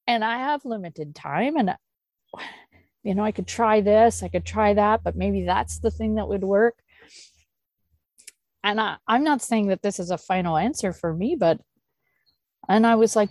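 A woman leading a meditation group discussion, thinking aloud with soft sighs and laughs. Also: mid-range voice, animated, unhurried, long pauses, dry recording. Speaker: Zen teacher leading a discussion. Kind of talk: unscripted dharma talk and Q&A.

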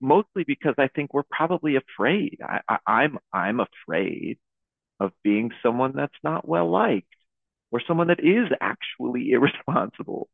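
A man's voice: medium pitch, expressive, gravelly, no echo. Hesitant man giving a Zen talk over tinny audio. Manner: halting, searching, with many restarts. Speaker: teacher leading a Zen talk. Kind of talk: Buddhist dharma talk.

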